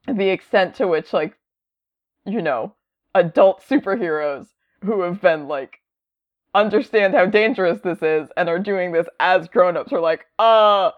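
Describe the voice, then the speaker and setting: A woman in casual podcast chat about comics, rambling with many fillers and lively quoted voices. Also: fairly low pitch, lo-fi sound.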